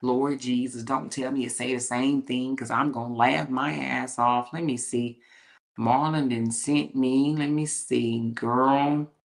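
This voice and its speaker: A woman's voice: extremely low pitch, steady tone, a little slow, gravelly. A woman hosting a livestream, reading comments aloud in a blunt, sassy, profane way and laughing often.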